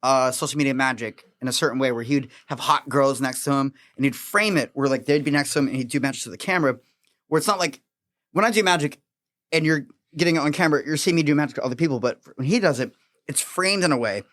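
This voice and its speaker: A man from Florida, a magician guest on a podcast, telling animated stories with frequent laughs. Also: mid-range voice, quick pace. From Florida, USA. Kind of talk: casual podcast chat.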